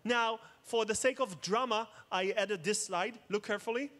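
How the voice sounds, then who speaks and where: A man's voice: high voice, normal speed, fairly bright tone. A man giving a keynote talk, mixing jokes with dramatic storytelling. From Israel. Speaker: conference speaker. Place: outdoor festival main stage.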